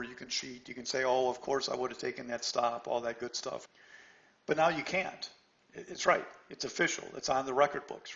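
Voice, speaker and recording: A man's voice: medium pitch, a bit bright, rough recording. A middle-aged man teaching a trading seminar in a blunt, scolding way, firing rhetorical questions at his students. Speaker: trading instructor. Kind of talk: seminar lecture.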